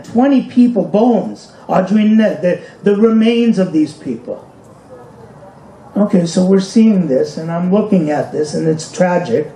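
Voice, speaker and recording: A man's voice: sits high, dark tone. Earnest man giving a speech in a hall. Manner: earnest, storytelling, rhetorical questions. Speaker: speaker at a commemoration event. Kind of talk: emotional public speech with slides. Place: hall with an audience.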